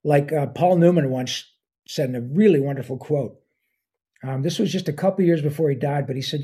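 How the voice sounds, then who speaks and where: Husky, warm-toned man in his sixties. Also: fairly high pitch, a little fast. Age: 60s. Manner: enthusiastic, rambling with fillers. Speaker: guest voice actor. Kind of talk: casual interview talk.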